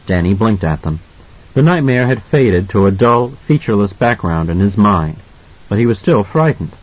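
A man narrating an audiobook in an expressive storytelling manner. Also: on the low side, moderate pace, muffled recording. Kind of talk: scripted narration.

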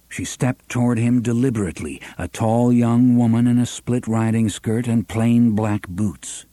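A man reading a novel aloud as an audiobook narrator, measured and unhurried, sometimes dropping to a soft half-whisper. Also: on the low side, breathy edge, no room sound. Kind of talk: scripted narration.

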